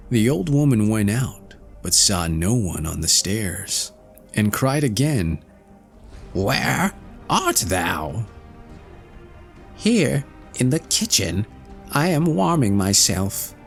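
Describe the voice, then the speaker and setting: A man reads a fairy tale aloud, slow and expressive, his low voice swinging widely in pitch. There is a gravelly grain to his delivery, and soft music plays faintly behind him. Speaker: audiobook narrator. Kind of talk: storybook fairy tale narration.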